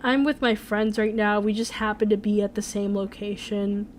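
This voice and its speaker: A woman's voice: mid-range voice, fairly even intonation, normal speed, slight background noise, natural voice. A woman voicing a defensive, flustered teenage boy who stammers and fills his talk with "like". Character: flustered teen boy in denial about a crush.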